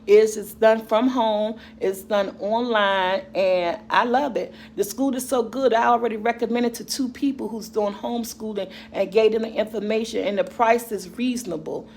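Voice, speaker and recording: A woman's voice: on the high side, fairly even intonation, moderate pace, hardly any pauses, darkish tone, slight background noise. A middle-aged woman vlogger and mother, chatting casually and rambling to her viewers about their comments, laughing often.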